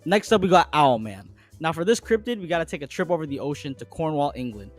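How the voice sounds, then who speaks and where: Fast-talking crude comedy narrator, man. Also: a little high, loud music behind the voice. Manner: crude, jokey, deadpan asides.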